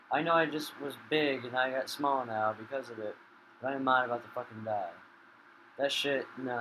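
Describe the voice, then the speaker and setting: A man giving casual gaming commentary while he plays, swearing a lot and flaring into loud rage. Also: medium pitch, muffled recording, a little hiss or hum. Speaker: gamer.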